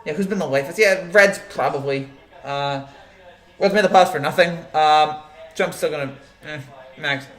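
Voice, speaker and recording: A man's voice: a little high, normal speed, echoey room. A man hosting a casual live sports show, rambling and joking as he answers the chat, with many restarts and fillers.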